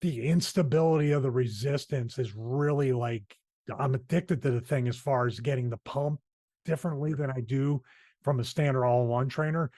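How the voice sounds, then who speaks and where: A man's voice: medium pitch, steady tone, moderate pace, dark tone, no echo, studio quality. A man with a Philadelphia accent hosting a fitness podcast, chatting casually in a rambling, self-deprecating way. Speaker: podcast host. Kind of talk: casual chat.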